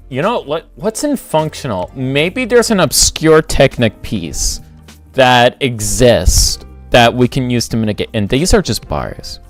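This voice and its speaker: Man, livestream host, lively pitch, slow delivery, rambling self-corrections, faint music underneath. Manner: rambling, thinks aloud, self-correcting, chuckles. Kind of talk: casual livestream commentary while building.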